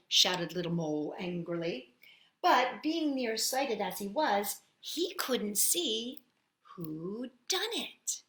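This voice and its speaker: A woman storyteller reading a children's picture book aloud, expressive and full of sound effects. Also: mid-range voice, slow pace. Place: at home. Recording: echoey room.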